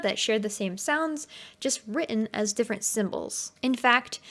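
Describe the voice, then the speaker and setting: Woman commentary host, frank and casual, slightly high voice. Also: a bit bright. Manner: casual, blunt, swears and laughs often.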